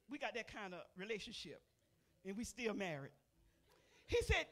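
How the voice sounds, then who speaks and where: An older woman pastor giving a testimony sermon to a congregation in a church. She talks in a folksy way, calling out to the people, and swings between loud emphatic bursts and soft murmurs. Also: mid-range voice, very animated, a little slow, long pauses. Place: church sanctuary.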